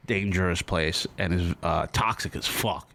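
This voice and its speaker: A man's voice: deep voice, a little slow, gravelly, pushed and bright. A man hosting a podcast, chatting casually and setting up a clip. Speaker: podcast host. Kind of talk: casual chat.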